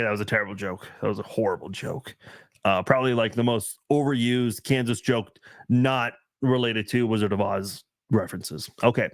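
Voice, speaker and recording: A man's voice: medium pitch, a bit bright, no room sound, studio quality. A young man hosting a casual live stream, reading viewer comments aloud and rambling in a self-mocking way.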